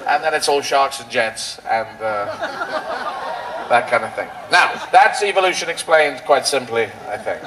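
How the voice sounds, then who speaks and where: A man performing a stand-up routine on an outdoor rally stage, with a rambling, surreal, playful delivery full of quick asides. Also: mid-range voice, animated, noisy background. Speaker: stand-up comedian.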